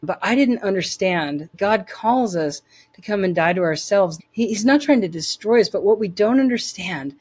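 An earnest woman speaks as an interview guest, sharing her personal faith testimony. Her voice sits at an ordinary middle pitch, and she leans on repeated phrases to drive each point home. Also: animated, moderate pace, a little mellow, slightly rough.

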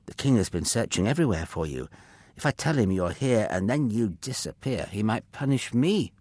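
A man voicing a worried male servant who pleads in a hurried, anxious way in a storybook reading. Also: fairly low pitch, animated, darkish tone, dry recording.

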